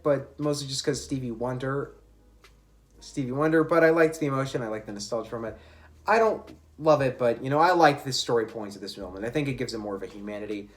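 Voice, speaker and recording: A man casually reviewing an album, opinionated and chatty, often correcting himself mid-sentence. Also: mid-range voice. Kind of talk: casual music review monologue.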